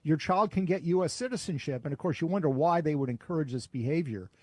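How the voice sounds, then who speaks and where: Measured man explaining on air. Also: a little high, a little mellow, dry recording. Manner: measured and explanatory, with a few fillers. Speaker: author and think-tank guest. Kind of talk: cable news interview.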